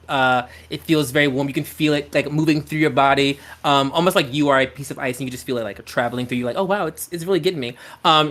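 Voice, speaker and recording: A man's voice: fairly high pitch, a bit bright. A man running a tabletop game as game master, narrating in a rambling way with lots of fillers.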